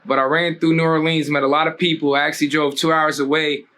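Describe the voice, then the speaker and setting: A man from Harrisburg, Pennsylvania, a clothing designer telling stories as a guest in a casual interview, slangy and animated, jumping his pitch up to act out quotes. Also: fast.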